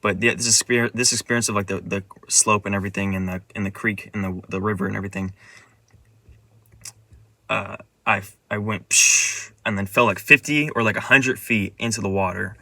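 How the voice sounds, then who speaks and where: Rambling bright-voiced man recounting a dream. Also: fairly low pitch, fairly even intonation, brisk, no room sound. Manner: rambling, many restarts and fillers. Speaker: vlogger. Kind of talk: casual dream retelling monologue.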